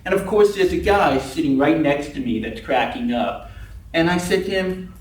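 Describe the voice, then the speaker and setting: A man delivering a comic club speech, wry and storytelling, his voice sitting a little high for a man. He is recorded from a distance in an echoey meeting room, with faint background noise. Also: lively intonation, moderate pace. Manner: wry storytelling, acts out quoted people. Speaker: club speaker. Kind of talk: humorous prepared speech.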